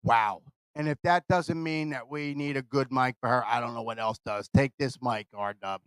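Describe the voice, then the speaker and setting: A man hosting a radio show, energetic and teasing, rambling through live banter into a studio microphone. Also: mid-range voice, moderate pace, smooth.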